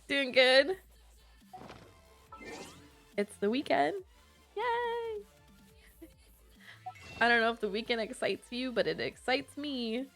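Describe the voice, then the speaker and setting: Slow, gravelly young woman streamer. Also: on the high side, fairly bright tone, faint music behind. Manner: chatty, giggly, reads chat aloud. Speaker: Twitch streamer. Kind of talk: casual live stream chat.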